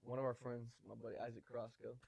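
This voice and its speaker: A young man in his twenties, a podcast guest, telling stories in animated casual chat. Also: mid-range voice, quick pace, creaky, breathy edge. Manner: animated storyteller, acts out quoted voices. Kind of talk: casual storytelling.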